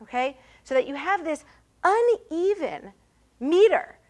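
Woman lecturer, high voice, explains patiently, often asks "right?", trips over repeated fillers. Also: big pitch swings, unhurried, darkish tone. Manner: explanatory, checks in with "right?" and "okay?"; frequent fillers and repeated words. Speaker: Bible teacher. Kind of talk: classroom lecture. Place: synagogue hall.

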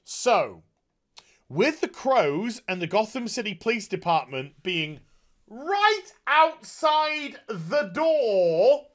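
A man's voice: high-pitched, big pitch swings, slow. A man ranting in a video review, exasperated and sarcastic, swearing often. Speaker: TV show reviewer.

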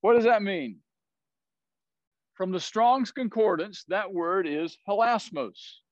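A man's voice: high-pitched, slow pace, dry recording, muffled recording. A man with a Southern US accent teaching a Bible study, explaining words and often checking in with "right?".

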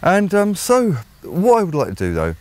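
A man's voice: high voice, wildly swooping pitch, normal speed, darkish tone. A man with an English accent giving opinionated solo commentary, rambling and hesitant with lots of fillers and blunt, sardonic asides. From England. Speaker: vlogger host.

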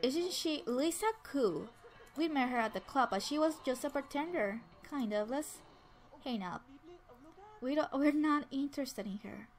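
This let's play narrator has a high-sitting, expressive voice and talks a little slowly. She gives chatty, casual commentary on a life-simulation game, voicing the sims' dialogue herself with lots of restarts.

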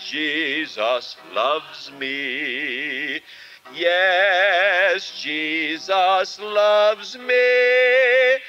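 A man preaching a sermon at a camp meeting and leading the congregation in song, talking expressively with pauses. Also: fairly low pitch. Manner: expressive, leads singing, animated pauses. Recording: dull lo-fi 1970s tape with faint music.

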